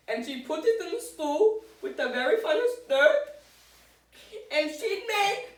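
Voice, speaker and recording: A woman playing an absurd, boastful talk-show guest, rambling deadpan in an improvised comedy sketch. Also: high-pitched, heavily acted. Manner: rambling, deadpan, breaks into giggles. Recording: echoey room, far from the mic.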